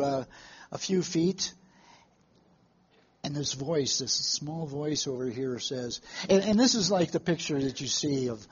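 A man preaching a sermon to a live congregation, telling stories in a folksy way with halting restarts and questions to the room. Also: on the high side, breathy edge, dull audio.

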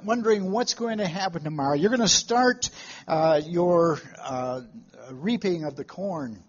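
A man preaching a sermon to a live congregation, telling stories in a folksy way with halting restarts and questions to the room. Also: a little high, husky, highs cut off.

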